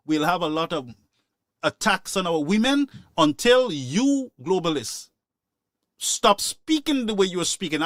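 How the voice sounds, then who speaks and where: Man, call-in radio host, preachy, raised pitch, dry close sound. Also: fairly bright tone, dry recording. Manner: impassioned, preachy, repeats points for emphasis. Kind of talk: opinionated call-in talk.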